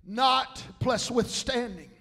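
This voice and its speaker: Male pastor preaching, pitched high, building to loud rises. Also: slow pace. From South Louisiana. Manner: preaching with loud rises and fillers like amen and hallelujah. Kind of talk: sermon.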